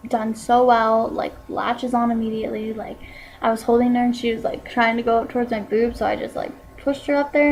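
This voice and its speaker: Vocal-fry teen girl chatting. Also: a little high, darkish tone, slight background noise, low-quality recording. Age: teens. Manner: chatty, full of "like" and "um" fillers. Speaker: vlogger. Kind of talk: casual personal story.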